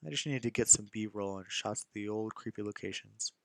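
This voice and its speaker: A young man narrates a visual novel in the first person, in a fairly low voice. He reads casually, tripping over words and restarting lines as he goes. The sound is dry and close to the mic. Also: a little fast, gravelly, no room sound. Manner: casual, stumbling reading with restarts. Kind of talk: amateur visual novel reading.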